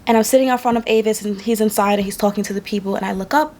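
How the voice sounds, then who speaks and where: A woman's voice: mid-range voice, steady tone, very fast, darkish tone. A tired woman vlogger and makeup artist, telling a story casually to camera and repeating lines for emphasis.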